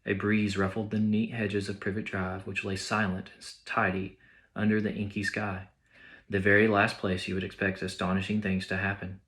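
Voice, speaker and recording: Man reading a story aloud, low voice. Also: moderate pace. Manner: plain, steady, small slips and restarts. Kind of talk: audiobook-style read-aloud.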